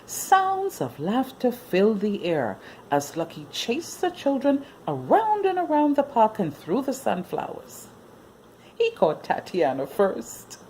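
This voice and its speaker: Woman storyteller reading to kids, unhurried, very lively melody. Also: fairly high pitch, slight background noise. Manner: expressive, sing-song. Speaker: children's storyteller. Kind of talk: reading a children's story aloud.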